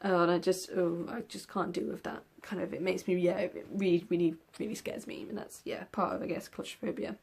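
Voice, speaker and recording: A woman's voice: lowish voice, little pitch movement, fairly quick, gravelly, few pauses, darkish tone, breathy edge. A young woman chatting casually in a book vlog tag video, rambling with lots of ums and the odd yawn. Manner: rambling, with many ums and yawns. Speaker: book vlogger.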